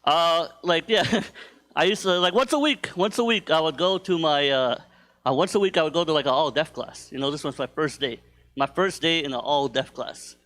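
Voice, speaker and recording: A young man performs stand-up in a comedy club. His voice sits a little high, and he rambles loosely through his stories, padding them with fillers and self-deprecating jokes. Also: normal speed, a bit bright.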